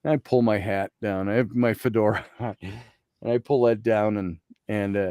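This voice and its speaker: A man guest, an Egyptologist, telling a story in conversation, animated and quoting others, and slowly reading aloud from a journal. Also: lowish voice, dry recording, clean studio sound. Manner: animated storytelling with quoted voices.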